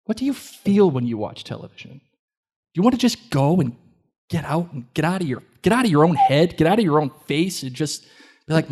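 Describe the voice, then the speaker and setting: A man with a Boston accent co-hosting a live podcast in a hotel event room, animated and joking with the crowd. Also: fairly high pitch, a little fast, husky. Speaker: podcast co-host. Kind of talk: live podcast chat before an audience.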